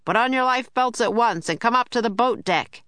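Lady doing chipper steward guy, quick and brisk, storybook. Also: fairly high pitch, fairly bright tone, smooth, no echo, pitched above the performer's own voice, natural voice. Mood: cheerful. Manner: breezy, brisk. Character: cheerful male ship steward.

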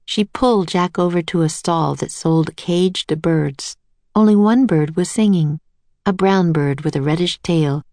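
A woman reads a children's storybook aloud in an even, steady narration. Her voice has a noticeable gravelly fry. The recording is dry and close. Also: lowish voice, unhurried, dry recording.

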